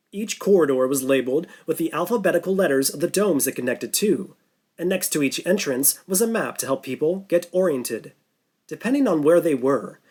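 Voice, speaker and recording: A man reading a thriller audiobook in a steady, even narration. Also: on the high side. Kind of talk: scripted narration.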